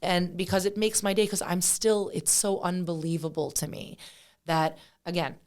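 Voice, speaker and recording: Brief: woman from Pennsylvania, guest musician, low-ish voice, animated chatty storytelling. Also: moderate pace. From Pennsylvania, USA. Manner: animated, chatty, many fillers. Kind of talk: casual interview storytelling.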